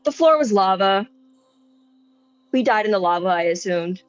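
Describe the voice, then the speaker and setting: A woman's voice: medium pitch, animated, moderate pace, no room sound, dull audio, faint music behind, voice pushed down, close to an everyday voice. A woman voicing a nervous, rambling young man in a tabletop game, talking hesitantly with lots of fillers. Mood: wistful. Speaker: player. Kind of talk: tabletop role-play in character.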